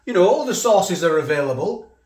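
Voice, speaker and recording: A man chats about food as he eats, in a voice sitting a little above the usual for a man. He circles back and repeats his points in a relaxed vlog manner, with a roomy echo around him. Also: high voice, fairly quick. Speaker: food reviewer. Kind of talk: casual food review vlog.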